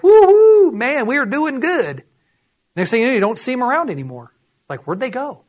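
A middle-aged man preaching, telling personal stories and acting out the voices in them. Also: high voice. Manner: animated storytelling, acts out voices. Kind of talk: sermon with personal testimony.

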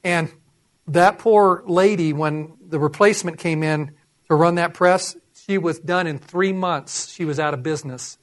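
An unhurried middle-aged man with a fairly high-pitched voice delivers a sermon built around personal testimony. He brings his stories to life by acting out the voices of those involved.

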